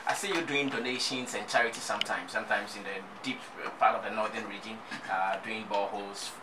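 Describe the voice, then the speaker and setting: A man's voice: lowish voice, steady tone, fast talker. Ghanaian male radio host. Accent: Ghanaian English. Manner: short probing questions. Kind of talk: radio interview. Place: radio studio. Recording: distant mic, noisy studio.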